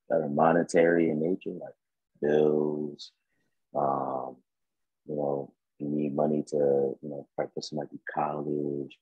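Very deep, husky man guest. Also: no echo. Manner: relaxed, reflective, with many fillers. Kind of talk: casual chat. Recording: dull, dry close recording.

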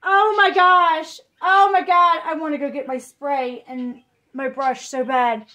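In her unboxing vlog, a reborn doll collector gushes without pausing for breath, trembling with excitement. Her voice is high-pitched and her delivery unhurried.

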